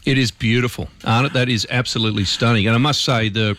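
A man hosts a casual radio interview. He is chatty and jokey, pokes fun at himself, and speaks at a mid pitch. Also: fairly even intonation, quick pace, a bit bright. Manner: jokey, chatty, self-deprecating. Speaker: radio host.

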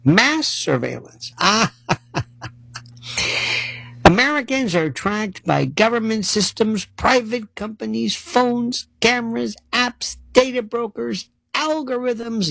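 A gravelly-voiced man rants in a sarcastic monologue, his pitch leaping up and down as he mocks the people he criticizes. He sounds exasperated and acts out their voices with scorn. The sound is close and dry, with no room echo. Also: fairly bright tone. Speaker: commentator. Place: New York City.

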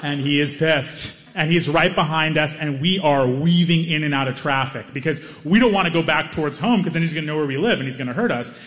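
A man telling a stand-up story, lively, acting out other people's lines. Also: fairly quick, few pauses. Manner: animated, acts out other people's lines in higher voices. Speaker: stand-up comedian.

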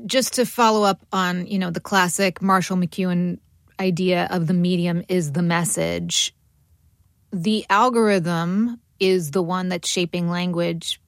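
A woman's voice: fairly low pitch, fairly even intonation, unhurried, no room sound, clean studio sound. A woman radio host interviewing a guest, asking curious, probing follow-up questions. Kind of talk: interview conversation.

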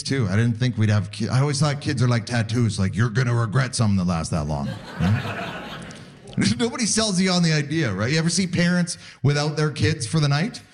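Animated forty-something man doing stand-up. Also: medium pitch, a little hiss or hum. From Canada. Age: 40s. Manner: laid-back storytelling with animated voiced asides. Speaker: stand-up comedian. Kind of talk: stand-up comedy set. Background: audience laughter.

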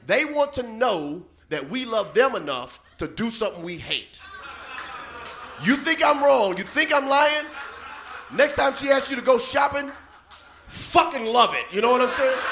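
A man performing a stand-up set, with a loud, punchy delivery and shouted punchlines. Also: very high voice, animated, normal speed, noisy background. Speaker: stand-up comedian.

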